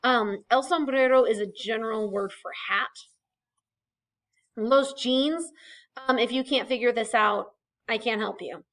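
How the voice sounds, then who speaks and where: A woman's voice: fairly high pitch, measured pace, pauses often, fairly bright tone, poor audio. A woman teaching a casual recorded vocabulary lesson, chatty and explaining with asides and fillers. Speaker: Spanish teacher.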